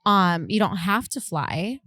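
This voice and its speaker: A woman's voice: mid-range voice, expressive, slow pace, fairly bright tone, dry recording. A woman hosting a podcast, chatting casually and asking her guests open questions. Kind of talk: casual chat.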